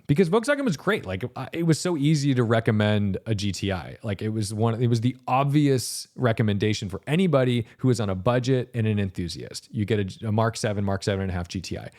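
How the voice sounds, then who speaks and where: A man's voice: fairly low pitch, expressive, fast, hardly any pauses, a little mellow. A man hosting a solo car podcast as a reviewer, talking in a rambling, sarcastic way and now and then slipping into mock quotes. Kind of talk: casual solo podcast monologue.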